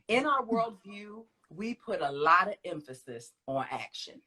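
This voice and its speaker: An emphatic woman guest teaching in a conversational way, her voice bright, forceful and somewhat husky. She talks animatedly and stresses her points hard, often laughing between them. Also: mid-range voice, animated, a little slow, few pauses, low-quality recording. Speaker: guest speaker.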